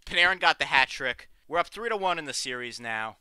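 A young man giving excited play-by-play while playing a hockey video game, shouting at goals and his voice cracking. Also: fairly high pitch, a little fast, clean tone, dry recording. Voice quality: frequent voice cracks. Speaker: gaming commentator.

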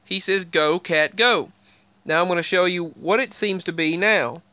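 A man with a fairly high, smooth and clear voice chats casually to his viewers. He rambles and restarts his sentences as he points them to things on the screen. The sound is close and dry, with no room echo. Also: steady tone, a little fast, sharp tone. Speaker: video creator. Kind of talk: casual talk to camera.

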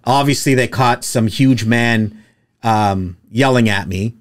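A man hosting a laid-back podcast in a studio. He talks in a mid-pitched voice and tells jokey stories, acting out what people said in raised voices. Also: slow. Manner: storytelling, jokey, acts out quotes in raised voices. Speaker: podcast host, tow truck operator. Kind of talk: casual podcast chat. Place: studio with producer present.

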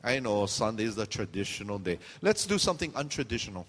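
A man's voice: on the low side, very animated, fast talker, fairly bright tone, long reverb tail. A man preaching a sermon as pastor, casual and joking, acting out what his listeners are thinking. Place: church sanctuary.

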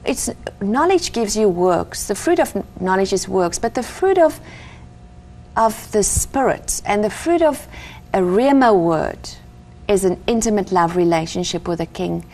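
A woman's voice: medium pitch, animated, unhurried, a little mellow, a little hiss or hum. A middle-aged woman from Africa, earnestly telling her personal faith story as an interview guest. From South Africa. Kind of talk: personal testimony in conversation.

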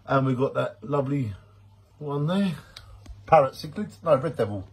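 Husky man, playful mock-grand vlogger. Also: medium pitch, lively intonation, normal speed, darkish tone. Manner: mock-grand, sing-song, hums a theme tune. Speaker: vlogger showing his fish tank. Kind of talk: playful home video commentary.

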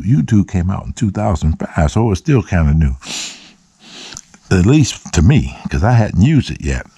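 A man's voice: fairly low pitch, gravelly, dark tone, slightly rough, no room sound. A man telling a long, profane personal story in a casual vlog, often voicing quotes. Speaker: vlogger. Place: dark room.

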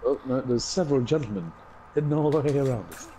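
Gaming guest, man, lively bouncy delivery, cracks teasing jokes. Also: mid-range voice, fast, a little hiss or hum, low-quality recording. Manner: joking, teasing banter. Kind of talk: casual gaming chat.

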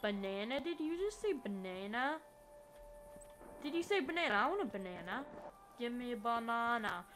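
A woman giving excitable let's-play commentary, yelping and chatting to the characters in her game. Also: on the high side, moderate pace, slight background noise. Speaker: gamer.

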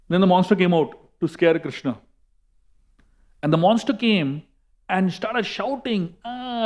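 A man with an Indian English accent giving a sermon, telling a story in a lively way with emphatic repetition. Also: sits high, highs cut off. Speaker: monk and speaker.

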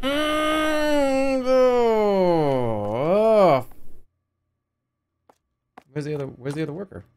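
A man in his thirties playing a video game, swearing and swinging between low mutters and excited yelps. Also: normal speed, creaky, pauses often. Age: 30s. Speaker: streamer. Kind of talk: let's play commentary.

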